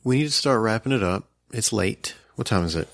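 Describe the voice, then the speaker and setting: A man's voice: fairly low pitch, animated, fairly quick, no room sound. A young adult man co-hosting a podcast, telling a story in a joking, casual way. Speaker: podcast co-host. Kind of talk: casual chat.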